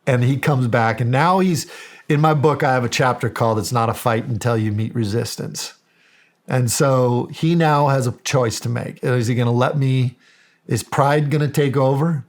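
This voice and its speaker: A man's voice: mid-range voice, moderate pace. A middle-aged American man telling a story in a podcast interview, acting out the quoted dialogue with animation. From United States. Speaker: guest, county sheriff.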